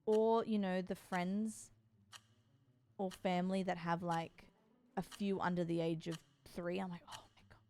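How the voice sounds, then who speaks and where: A woman's voice: lowish voice, little pitch movement, unhurried, dark tone, a little hiss or hum. A tired woman streamer chatting casually with her live chat and cooing to her cat between remarks.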